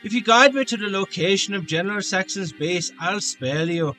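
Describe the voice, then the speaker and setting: A man's voice: high-pitched, expressive, moderate pace, pushed and bright, soft background music. A man voicing a defiant Irish rebel in a put-on Irish accent, stern and accusing as he questions a captive.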